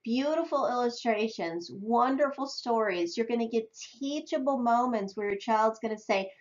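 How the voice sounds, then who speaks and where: A woman with a fairly high voice gives a practical reading lesson to parents. She explains each point step by step and often checks in with "okay". The recording sounds dull and lo-fi. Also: moderate pace. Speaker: reading teacher. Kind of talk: instructional talk to parents.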